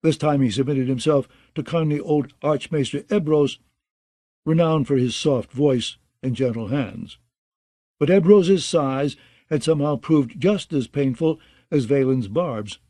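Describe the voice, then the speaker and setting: Mellow-voiced male audiobook narrator. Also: a little high, a little slow, no echo.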